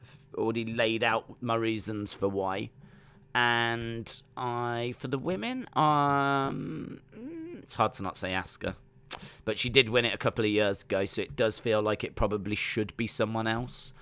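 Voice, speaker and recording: Chatty man, bright voice. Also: mid-range voice, animated, unhurried, clear, resonant tone. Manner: rambling, chatty, full of fillers. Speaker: wrestling watch-along streamer. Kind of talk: casual live-stream commentary.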